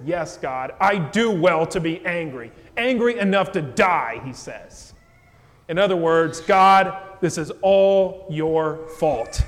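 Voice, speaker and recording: A man preaching in a relaxed, talky way, with a slightly raised voice. His voice carries a long reverb, as if recorded in a big church. He often checks in with his listeners with a quick "okay?". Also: a little high. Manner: conversational, asks "okay?" and chuckles. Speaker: pastor. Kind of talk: sermon.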